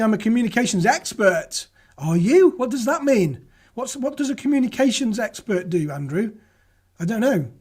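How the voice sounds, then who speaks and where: A British man with a fairly high voice hosts a live property news stream. He chats casually, reads viewers' comments aloud and teases them good-naturedly, with a light, bantering manner. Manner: jokey, chatty, reads viewer comments aloud and laughs at himself.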